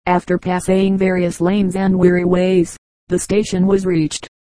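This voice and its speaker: A woman reading a classic novel aloud as an audiobook narrator, in a steady, even reading voice. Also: on the low side, measured pace, no echo, rough recording. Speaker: audiobook reader. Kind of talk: scripted narration.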